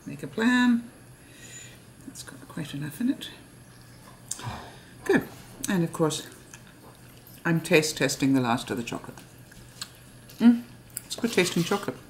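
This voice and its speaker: A woman's voice: deep voice, sing-song, slow, long pauses. Woman host, home cooking vlog, chatty and giggly, light background hiss. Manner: chatty, giggly, self-mocking. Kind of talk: casual kitchen vlog chat. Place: home kitchen.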